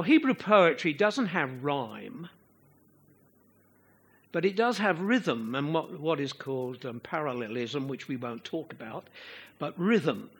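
Slow, animated husky male preacher. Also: on the high side. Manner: slow, expressive preaching, chanting rhythms aloud. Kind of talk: sermon.

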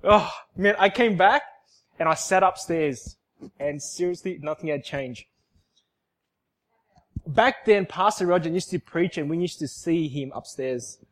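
A man giving an emotional church testimony, emphatic and repetitive, swinging from loud outbursts to soft, hushed lines. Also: a little high, a little slow, pauses often. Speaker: speaker giving a personal testimony.

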